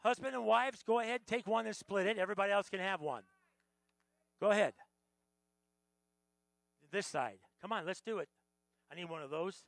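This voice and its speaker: Preaching on Palm Sunday in a church sanctuary, an American pastor keeps things lively, trading jokes with the congregation and bursting into sudden loud exclamations. He speaks at a moderate pace in a high, creaky voice and pauses often.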